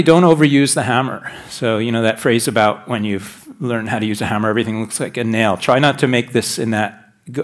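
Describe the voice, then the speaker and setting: A middle-aged man giving a technical talk on stage at a conference, chatty and self-deprecating, often restarting his sentences. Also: mid-range voice. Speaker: conference speaker. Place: large conference hall.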